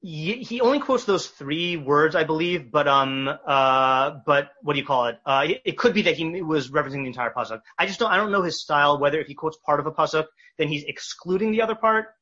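A man teaching a text study class, reading verses slowly and explaining them with many fillers and restarts. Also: a little high, expressive, bright, forceful tone. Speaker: Torah teacher. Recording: dull lo-fi recording.

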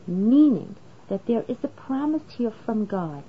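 A woman's voice: mid-range voice, lively intonation, normal speed, few pauses, husky, highs cut off. A woman teaching a Torah lesson, explaining step by step and posing rhetorical questions to her listeners. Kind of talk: religious lesson.

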